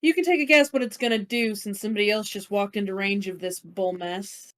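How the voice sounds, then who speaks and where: A woman's voice: mid-range voice, fairly quick. A woman narrating as game master of a tabletop game, calling rolls and describing the enemies' turns.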